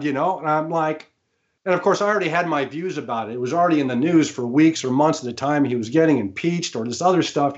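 Guest, male: animated storyteller with a slightly high voice, stumbles and laughs, dull lo-fi sound. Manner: animated, laughs often, many restarts. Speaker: guest, studio engineer. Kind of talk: anecdotal storytelling. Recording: slightly muffled remote audio.

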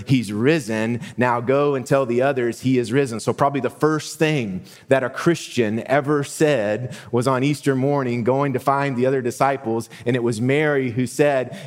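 Man preaching in a reverberant church. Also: medium pitch. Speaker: pastor. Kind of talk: Easter sermon with scripture reading. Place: church sanctuary.

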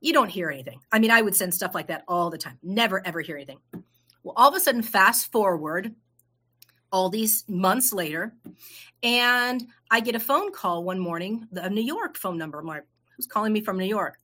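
A woman's voice: mid-range voice, expressive, moderate pace, pushed and bright. A middle-aged woman, a business owner, telling her story in a casual interview, acting out the voices of people she quotes. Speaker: entrepreneur guest.

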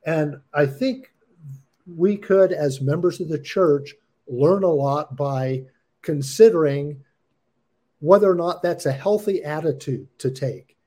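A middle-aged man talks through ideas in a reflective podcast discussion, taking his time over each point. His voice sits a touch high for a man but sounds soft and dark in tone. His delivery is measured and thoughtful, slow and unhurried.

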